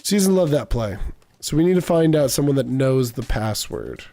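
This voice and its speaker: A man's voice: medium pitch, expressive, moderate pace, creaky, mellow. A man giving let's-play commentary and making self-mocking asides while he voices the characters. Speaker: gamer voicing characters.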